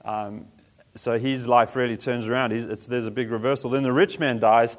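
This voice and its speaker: A man's voice: medium pitch, fairly even intonation, moderate pace. A man, a pastor, giving a sermon in a casual, conversational way with everyday slang.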